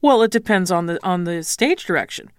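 Smooth low-voiced woman opera singer. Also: animated, fairly quick, no room sound, studio quality. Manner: frank, teasing, coaches pronunciation. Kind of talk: casual interview.

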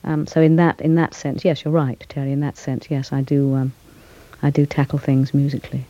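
An older actress giving a radio interview, speaking thoughtfully with frequent pauses, fillers and restarts. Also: female voice, rumbling low, little pitch movement, mellow, lo-fi sound. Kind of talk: reflective interview conversation.

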